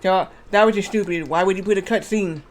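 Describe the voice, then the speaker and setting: Male game streamer, higher-pitched voice, loose rambling delivery, curses casually. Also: fairly quick. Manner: rambling, restarts, swears freely. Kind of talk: casual gameplay commentary.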